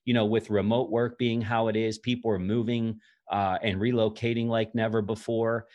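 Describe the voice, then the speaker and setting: A man hosting a podcast interview, an executive coach, speaking in a measured way with many fillers. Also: on the low side, level tone, a little mellow, highs cut off. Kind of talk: interview host introduction.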